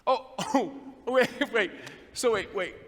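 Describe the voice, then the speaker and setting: A man voicing a scornful young man who mocks a friend's business plans with high, jeering laughter. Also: slow pace, fairly bright tone, heavily acted. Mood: mocking. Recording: long reverb of a big hall.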